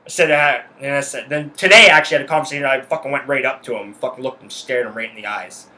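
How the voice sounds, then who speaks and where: A man's voice: medium pitch, fast talker, pushed and bright. A man telling a heated story on his podcast, swearing constantly and repeating himself as his anger builds. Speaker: podcast host. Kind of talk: angry personal rant. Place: his home.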